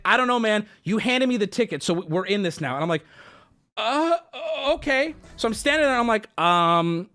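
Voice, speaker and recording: Man, casual storytelling, lively swooping delivery, higher voice, swears a lot, plays out both sides. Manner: animated, profane, acts out both sides of the exchange. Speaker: streamer telling a story.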